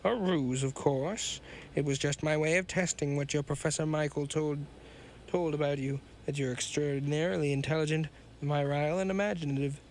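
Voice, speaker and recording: A sinister hunchbacked mad scientist, voiced by a man reading a pulp story aloud. He rants in a grandiose way, with a voice sitting a little high for a man. A faint hiss hangs under the reading. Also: fairly even intonation, moderate pace, lightly acted. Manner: grandiose, ranting.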